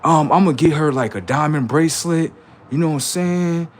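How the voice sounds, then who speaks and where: Man playing easygoing young man, casual, hesitant; slightly raised pitch. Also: brisk, slight background noise, lightly acted. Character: easygoing young man boasting about gifts.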